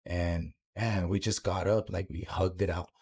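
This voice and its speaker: Male podcast guest, very low voice, earnest storyteller who acts out the quotes. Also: steady tone, measured pace, darkish tone, breathy edge. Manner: earnest, tells his story with acted-out quotes.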